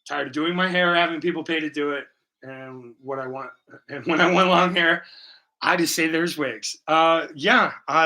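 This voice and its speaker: A man's voice: fairly high pitch, pushed and bright. A young man live-streaming as he paints, chatting loosely and profanely with viewers while he explains his brushwork. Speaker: livestreaming painter.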